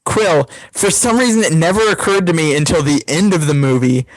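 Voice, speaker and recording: A young man co-hosting a casual film podcast, his voice a bit higher than most. He relaxes into retelling his own reactions. The recording is close and dry. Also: fairly quick, no echo, rough recording. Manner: relaxed, storytelling with quoted reactions. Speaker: podcast co-host.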